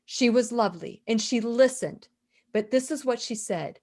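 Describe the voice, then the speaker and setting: A woman's voice: mid-range voice, moderate pace. A middle-aged woman hosting a radio interview, telling a personal story in an impassioned, emphatic way and often repeating her words. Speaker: radio show host.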